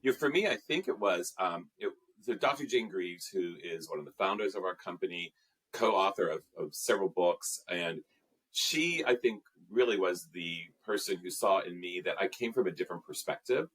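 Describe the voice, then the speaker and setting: Low, husky-voiced man, earnest guest. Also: expressive, moderate pace, a bit bright. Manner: earnest, reflective, with many fillers. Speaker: guest, emotional intelligence trainer. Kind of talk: interview conversation.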